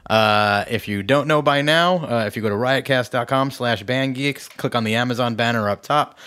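A man's voice: mid-range voice, moderate pace, bright, forceful tone, smooth. A man co-hosting a podcast, reading plugs and cracking jokes in casual chat. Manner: joking, laughs often. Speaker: podcast co-host.

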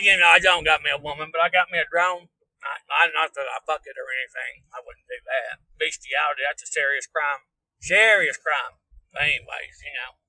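A crude, chatty hillbilly, played by a man, rambles in a folksy drawl as he drives his car. The voice is piercingly bright and a touch high. It sounds dry and close, with no room around it. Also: no echo, poor audio. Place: in a car, driving.

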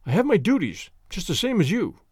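Brief: hushed, dutiful guard, voiced by a man, slightly high, dry close mic. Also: very animated, fairly quick, breathy edge, no room sound, full character voice. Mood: confiding. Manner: confiding, hushed. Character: male railway guard, gruff and dutiful.

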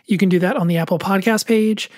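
A woman's voice: mid-range voice, quick pace, a little mellow, no echo. A woman podcast host talks in a loose, chatty ramble, full of fillers and asides. Her voice sits in a middle register and the sound is dry and close. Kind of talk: casual solo podcast segment.

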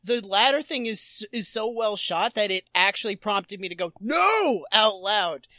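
Bright, dry-sounding woman podcaster. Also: mid-range voice, moderate pace, dry recording. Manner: animated, acts out characters' lines. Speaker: podcast co-host. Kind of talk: casual chat recapping a TV episode.

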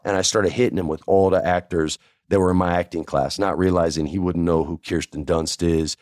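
Give me a man with a low voice telling a casual, animated anecdote, recorded dry. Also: fairly quick, hardly any pauses, dry recording. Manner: animated, peppered with "like" and "right?".

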